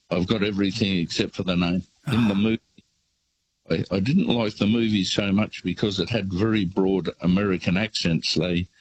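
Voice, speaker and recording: Deep husky Australian man telling stories. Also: poor audio. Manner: rambling storyteller with hesitations. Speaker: caller. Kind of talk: casual phone-in chat.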